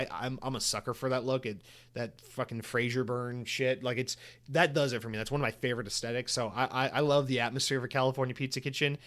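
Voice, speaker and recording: A man's voice: mid-range voice, a bit bright. A young man from the United States hosting a solo podcast, rambling in casual chat and swearing often. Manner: rambling, swears a lot, many restarts. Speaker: podcast host.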